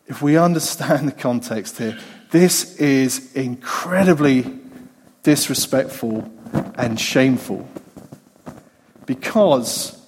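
A man's voice: fairly high pitch, a little mellow. A man preaching a sermon in a conversational way, repeating phrases for emphasis. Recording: long hall reverb.

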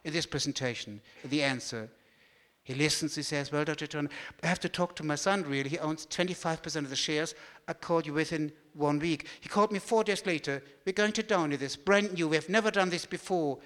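High-voiced German man in an echoey hall. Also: a little fast. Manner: animated storyteller. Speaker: speaker giving a talk. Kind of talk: storytelling talk with slides.

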